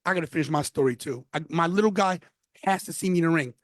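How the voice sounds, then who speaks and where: A Brooklyn man in his fifties with a New York accent, a former wrestler, appears as a podcast guest in a casual interview. His voice is on the high side and quick, captured in a dry recording. He tells stories animatedly and emphatically, repeating phrases.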